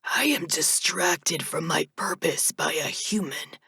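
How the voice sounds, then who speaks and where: A cold, ancient male reaper played by a woman speaks in a dry, cracked whisper. The delivery is slow, flat, and strained. The recording is dry and close. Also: low-pitched, gravelly, husky, no room sound, full character voice. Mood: cold, insistent. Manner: monotone, slow and deliberate. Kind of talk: audiobook narration.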